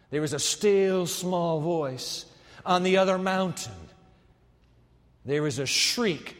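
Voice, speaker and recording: A man preaching a sermon dramatically, with much rhetorical repetition. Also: high voice. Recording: long hall reverb.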